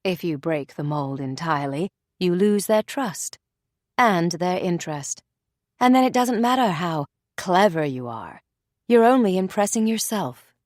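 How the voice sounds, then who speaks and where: A woman voicing a composed woman novelist who answers calmly and cuttingly. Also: fairly low pitch, a little slow, no echo, studio quality. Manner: calm and cutting.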